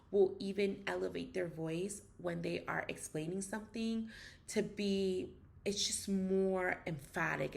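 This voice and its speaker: Gravelly woman teaching phrases. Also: lowish voice. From United States. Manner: repeats practice phrases slowly, emphatic. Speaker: language teacher vlogger. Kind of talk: casual spoken language lesson.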